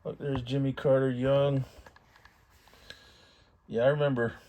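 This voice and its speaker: A man's voice: medium pitch, little pitch movement, measured pace, narrow, tinny audio. A middle-aged man hosting his own channel, chatting casually and reminiscing as he pages through an old magazine, rambling and thinking aloud. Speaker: vintage magazine collector channel host. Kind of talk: casual commentary while reading a magazine aloud.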